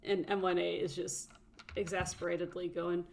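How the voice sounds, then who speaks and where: A woman's voice: lowish voice, level tone, moderate pace, gravelly, darkish tone, slight background noise. Giggly woman playing a tabletop game. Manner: giggly, hesitant, many fillers. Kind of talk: casual game chat, narrating her character.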